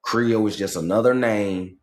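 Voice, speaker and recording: A man from Georgia, holding forth in a casual livestream monologue, animated and full of profane slang. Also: fairly low pitch, normal speed. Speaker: livestream host.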